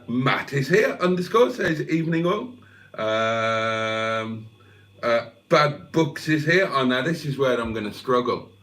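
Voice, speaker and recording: A man in his 50s with a mid-range, slightly bright voice hosts a casual livestream. He reads out comments and swears freely, poking fun at himself.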